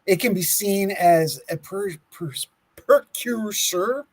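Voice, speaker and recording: Husky guy on a chill podcast, laughs a lot, kinda stumbles reading his notes out loud. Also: sits high, fairly even intonation, measured pace, rough recording. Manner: laughs often, stumbles over words while reading aloud. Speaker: podcast co-host. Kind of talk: casual conspiracy podcast talk, reading from notes.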